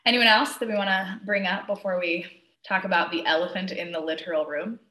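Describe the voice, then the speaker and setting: A woman hosting a loose, chatty podcast, laughing at her own stumbles. Her voice is bright, and the room around her rings with echo. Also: fairly low pitch, steady tone, brisk. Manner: chatty, laughing, self-correcting. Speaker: podcast host. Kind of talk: casual chat.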